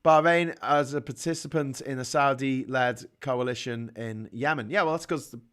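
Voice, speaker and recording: A man hosting a casual show, chatting in an animated way, telling anecdotes and reading out viewer comments with mocking asides. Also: medium pitch, normal speed, smooth. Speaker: host.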